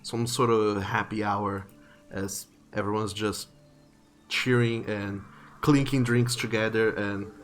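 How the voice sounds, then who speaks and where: A man's voice: on the low side, steady tone, slow pace, soft background music. Man narrating as game master. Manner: descriptive, filler-heavy narration.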